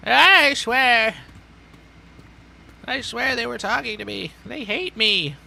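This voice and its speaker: A man's voice: very high-pitched, expressive, slow pace, vocal fry, bright, forceful tone, slight background noise, pitched above the performer's own voice, exaggerated voice. A man voicing a paranoid, self-pitying old grandpa who wails that everyone hates him.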